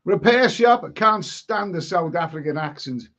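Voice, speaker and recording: A man's voice: high-pitched, expressive, moderate pace, a bit bright. A man from England hosting a casual live stream, reading chat comments aloud and giving blunt opinions, often repeating and restarting his words. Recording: dull lo-fi stream audio.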